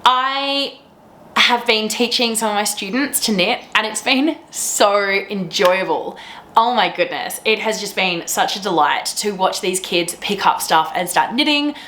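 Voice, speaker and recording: Woman, podcast host, bright enthusiastic chatter, echoey room, some faint noise behind. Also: mid-range voice, lively intonation, a little slow. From Australia. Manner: gushing, enthusiastic, laughs often. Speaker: teacher. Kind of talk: casual chat to camera.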